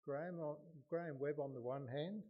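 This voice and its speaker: A man, a lay preacher beginning a sermon in a calm, measured, slightly halting way. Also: fairly high pitch, phone-quality sound.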